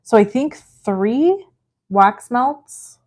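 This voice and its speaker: A woman's voice: on the high side, animated, very slow, a little mellow. A woman in her forties hosting a live crafting demo, talking in a chatty, rambling, self-deprecating way. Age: 40s. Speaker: craft livestream host.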